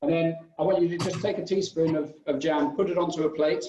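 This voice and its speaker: A chef giving a home cooking demonstration, talking through each step in an instructive way. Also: male voice, fairly high pitch, fairly even intonation, fast talker, warm tone, a little hiss or hum. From United Kingdom. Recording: echoey room, distant mic, dull sound.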